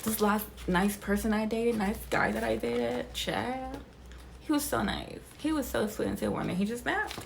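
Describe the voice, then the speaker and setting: A young woman hosting a reaction video, chatting casually, blunt and expressive, swearing freely. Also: a little high, moderate pace, creaky, a little hiss or hum.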